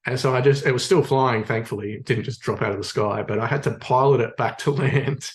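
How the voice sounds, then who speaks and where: An Australian man, a podcast guest, telling a story in a relaxed, rambling way with plenty of fillers. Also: medium pitch, brisk. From Sydney, Australia. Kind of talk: casual storytelling in conversation.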